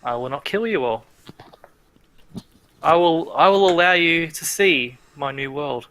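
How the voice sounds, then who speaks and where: A man voicing a scheming ancient male villain god who speaks slowly, grandly and with menace. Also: a little high, a bit bright, slight background noise. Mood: grandiose.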